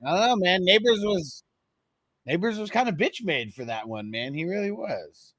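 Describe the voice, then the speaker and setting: A man's voice: high-pitched, normal speed, no echo. Profane laughing man, dry mic. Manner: profane, laughing, swings between animated and mumbling. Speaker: fantasy football podcast host. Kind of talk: casual live-stream chat reading viewer comments.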